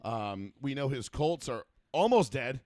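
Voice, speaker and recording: A man hosting a casual sports talk show, rambling and profane, with fast banter. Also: medium pitch, very animated, darkish tone, no room sound. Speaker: host.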